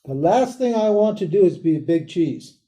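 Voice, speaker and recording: Animated older man teaching, bright. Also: sits high, normal speed. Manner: casual, animated, laughs often, mimics voices. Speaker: Vedanta teacher. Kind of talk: live lecture.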